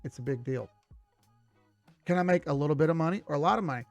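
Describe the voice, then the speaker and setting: A man's voice: fairly high pitch, fast talker, pauses often, no room sound, soft background music. A man teaching trading rules to viewers in an emphatic, direct way. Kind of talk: instructional talk to viewers.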